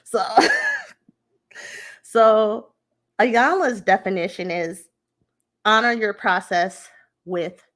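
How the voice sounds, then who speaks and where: A woman's voice: medium pitch, extremely slow, long pauses, fairly bright tone. A young adult woman hosting a podcast, talking casually and emotionally with many fillers. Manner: emotional, heartfelt, rambling with fillers. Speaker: podcast host. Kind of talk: casual personal talk.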